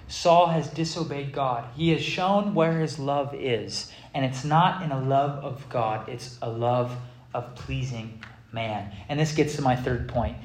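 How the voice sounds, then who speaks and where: A man preaching a sermon, animated and theatrical, acting out scripture and laughing along. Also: medium pitch, reverberant, poor audio. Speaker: pastor.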